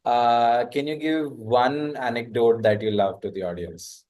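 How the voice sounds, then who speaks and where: A man's voice: mid-range voice, fairly even intonation, measured pace, a little mellow. A man hosting a podcast interview, speaking hesitantly with frequent "uh" fillers. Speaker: podcast host.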